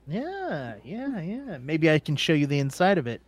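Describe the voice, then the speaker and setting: A man's voice: on the high side, very animated, normal speed. A man voicing a sleazy, flirtatious male gambler in a tabletop game, with smarmy drawling come-ons.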